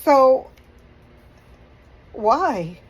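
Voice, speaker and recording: A middle-aged woman vlogging, halting and apologetic, crying as she speaks. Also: sits high, big pitch swings, low-quality recording. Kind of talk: emotional personal vlog.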